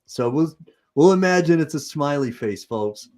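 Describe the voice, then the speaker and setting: A man's voice: fairly high pitch, lively intonation, moderate pace, a little mellow. A man with a Utah accent hosting a livestream, chatting casually and improvising as he reads comments. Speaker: host.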